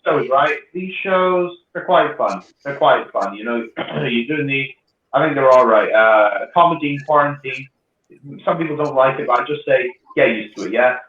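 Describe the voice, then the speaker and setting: A man hosting a comedy show, telling quick punchline jokes and checking in with "right?" and "yeah?". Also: mid-range voice, roomy sound, narrow, tinny audio. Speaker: comedy club host. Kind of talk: stand-up comedy and act introductions.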